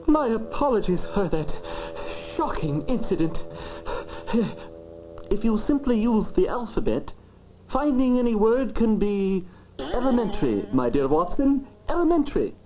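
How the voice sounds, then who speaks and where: A woman's voice: medium pitch, very animated, measured pace, crowd noise. Woman voicing a pompous talking dictionary. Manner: fussy, grandiloquent, lecturing. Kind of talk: educational film acting. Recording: dull lo-fi old film sound.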